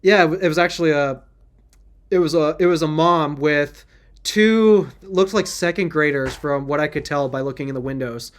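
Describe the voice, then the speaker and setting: A man co-hosting a casual podcast, with a slightly high voice. He tells stories earnestly and rambles, restarting his sentences as he goes. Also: normal speed. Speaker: podcast co-host.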